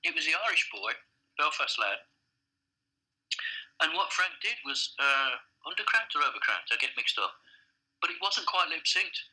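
A man in a casual interview, a blunt and animated storyteller who swears freely. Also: a little high, moderate pace, pauses often, slightly rough, rough recording. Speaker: advertising director, guest.

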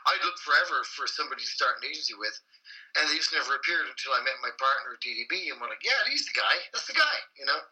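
Bright-voiced man telling stories. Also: mid-range voice, very fast, slightly rough, low-quality recording. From Ireland. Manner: rambling, self-deprecating, swears freely, many restarts. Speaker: podcast guest, advertising copywriter. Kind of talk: casual interview chat.

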